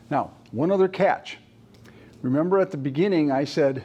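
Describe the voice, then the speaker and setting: Man, mortgage lender, storyteller voice, slightly high, acts out both sides of calls. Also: brisk, warm tone. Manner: storytelling with acted-out dialogue. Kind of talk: training talk.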